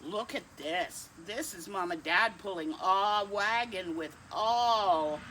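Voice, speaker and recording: A woman's voice: mid-range voice, takes it slowly, fairly bright tone, a little hiss or hum. A middle-aged woman reading a picture book aloud to children, kindly, with asides to her pet dog. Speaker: storytime reader.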